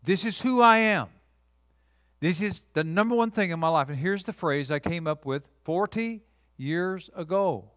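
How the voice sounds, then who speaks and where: A man preaching a sermon in a slightly high voice, emphatic, shifting between loud declarations and near-hushed lines. He leads the congregation in call-and-response. The sound is dry and close, with little room echo. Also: animated, a little slow. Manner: engages audience with call-and-response. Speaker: pastor.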